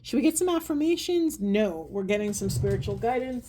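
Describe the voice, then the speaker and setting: A woman giving a spiritual oracle card reading, earnest and gentle, often trailing into soft, hushed asides. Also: a little high, animated, fairly quick, a little hiss or hum. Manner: gentle, earnest, rambling with self-corrections. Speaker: tarot and oracle card reader.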